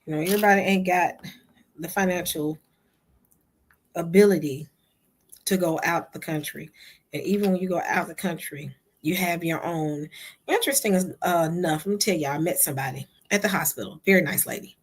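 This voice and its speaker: A woman with a low, slightly husky voice tells a story to her stream audience. She talks casually and personally, drawing her listeners in as she recounts a conversation. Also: brisk. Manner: chatty, addresses listeners as "y'all". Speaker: host.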